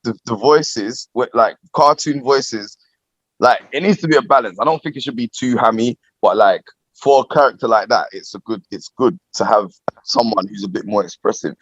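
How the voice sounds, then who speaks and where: A man co-hosting a podcast, chatting in a relaxed, easygoing way. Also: mid-range voice, moderate pace, no echo. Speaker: podcast co-host. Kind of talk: casual chat. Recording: dry, dull lo-fi podcast audio.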